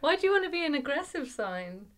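A woman's voice: high voice, big pitch swings, quick pace, fairly bright tone. A woman from South Africa on a podcast team, casually chatting and ribbing the host in a dry, teasing way. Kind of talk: casual chat.

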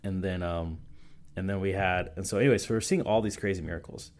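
Low-voiced pastor rambling through stories. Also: male voice, a little fast, darkish tone. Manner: rambling, full of "like" and "you know" restarts. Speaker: youth and young adults pastor. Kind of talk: casual storytelling in a podcast interview. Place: podcast recording session.

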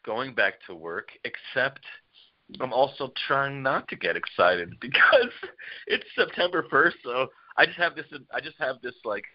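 Chatting casually on a podcast, a man with a medium-pitched, unhurried voice laughs his way through rambling, lively stories about his family. The audio has no echo, but the highs are cut off.

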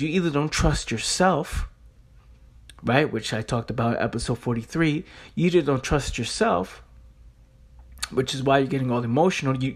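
A man's voice: medium pitch, slightly rough. Blunt, profane man hosting a motivational podcast. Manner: blunt, profane, keeps asking "right?"; repeats himself for emphasis. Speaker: podcast host.

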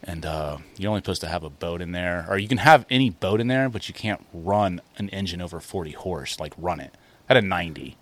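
A middle-aged man with a lowish voice tells loose, profane fishing stories. He keeps restarting sentences and leaning on fillers in a relaxed podcast chat. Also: brisk. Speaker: guest telling fishing stories.

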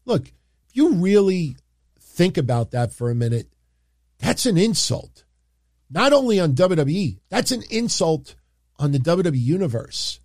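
A man hosting a casual livestream, talking in an excitable, rambling way and jumping into quick impressions. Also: fairly high pitch, no echo, studio quality. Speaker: wrestling show host.

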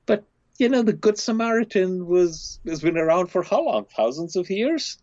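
A man in a podcast interview telling a teaching story, acting out the people in it with big rises in pitch. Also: normal speed, no room sound. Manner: animated storyteller, voices characters with big pitch swings. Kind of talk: storytelling in conversation. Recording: dry, slightly dull lo-fi sound.

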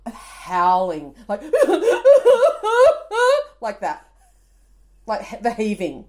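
Her voice on the low side and her pace slow, a podcast co-host in her forties with an Australian accent tells a story casually. She brings it to life animatedly, laughing and doing voices.

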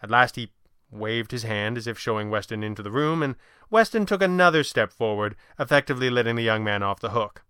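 Bright, clear-voiced male narrator. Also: mid-range voice, no echo, clean studio sound. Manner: even, measured storytelling. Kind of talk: audiobook narration.

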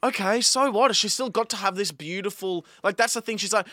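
A young man with an Australian accent rants bluntly in casual podcast talk, dropping swear words as he makes his case. His voice is bright and tense, pitched a little high, and sounds dry and close to the mic. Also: brisk, few pauses, dry recording. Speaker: podcast co-host. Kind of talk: casual chat.

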